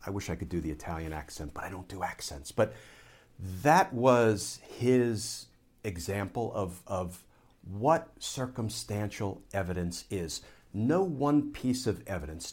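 Low-voiced man making an earnest political case. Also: a little mellow. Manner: explanatory, builds an argument step by step; earnest, rhetorical questions. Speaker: political commentator, former Army lawyer. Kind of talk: solo political commentary to camera.

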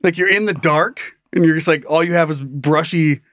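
A man's voice: a little high, moderate pace, no room sound, clean studio sound. A man hosting a podcast, telling a story dramatically with swearing and laughs, in a casual chat style. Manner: animated, swearing, laughing at his own story. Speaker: podcast host.

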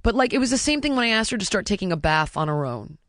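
A woman's voice: mid-range voice, big pitch swings, quick pace, fairly bright tone, no echo, studio quality. A middle-aged woman hosting a podcast, talking candidly and bluntly in casual chat, cursing freely. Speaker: podcast host.

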